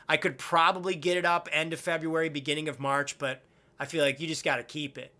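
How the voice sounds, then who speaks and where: A young man with a fairly high, bright and forceful voice chats loosely with his viewers on a live stream. He rambles, gets blunt, and swears casually while he reads comments aloud.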